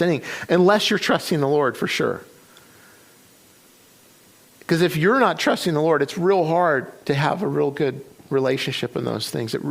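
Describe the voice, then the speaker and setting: A man's voice: fairly high pitch, vocal fry. A middle-aged man, a pastor, preaching in a conversational way, retelling a story with quoted dialogue and frequent restarts. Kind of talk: sermon storytelling. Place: church.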